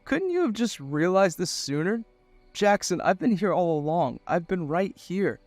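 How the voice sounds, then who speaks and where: A man voicing an earnest young male college student who talks fast and pleading in an audiobook story. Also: on the high side, animated, dry recording, soft background music, voice pushed up, close to an everyday voice. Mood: tearful. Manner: pleading, rushed and breathless. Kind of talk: audiobook dialogue voice.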